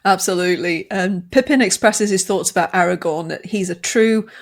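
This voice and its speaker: A woman's voice: on the low side, normal speed. A woman co-hosting a podcast, steadily guiding a casual discussion about a book. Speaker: podcast co-host.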